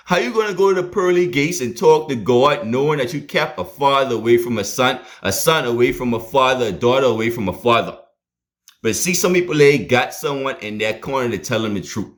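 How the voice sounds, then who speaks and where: Preacher with dramatic swings. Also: male voice, medium pitch, animated, brisk. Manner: dramatic, swings between loud emphasis and hushed asides. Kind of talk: sermon.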